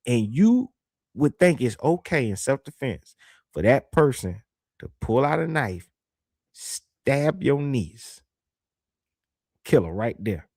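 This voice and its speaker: A young man, hosting a livestream and giving casual, opinionated commentary in a slangy, animated way that repeats points for emphasis. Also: medium pitch, takes it slowly, long pauses, dry recording, clean studio sound. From Southern United States. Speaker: livestream host reading super chats.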